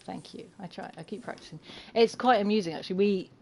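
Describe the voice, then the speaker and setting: British woman, game streamer, chatty and excitable, laughs a lot, mid pitch. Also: fast. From United Kingdom. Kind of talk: casual gameplay commentary. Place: home, with a cat climbing on her.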